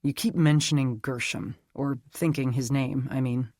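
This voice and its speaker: A man's voice: mid-range voice, steady tone, moderate pace, darkish tone, no echo, natural voice. Narrator voicing a somber, suspicious captive man; dry audiobook read. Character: earnest, distrustful male prisoner.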